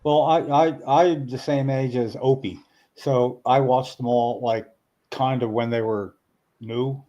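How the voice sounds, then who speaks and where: A middle-aged man spins a long, meandering story. He is full of "uh"s and restarts and gets animated in the telling. His pitch sits in an ordinary middle range. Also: takes it slowly, highs cut off. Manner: rambling, animated storyteller with many fillers. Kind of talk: casual storytelling chat.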